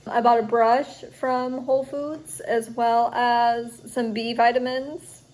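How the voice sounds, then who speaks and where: A woman's voice: a little high, little pitch movement, slow, a little mellow. Tired young woman rambling through a vlog. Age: young adult. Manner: rambling, chatty, fillers like "like". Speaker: student vlogger. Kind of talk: casual storytime vlog.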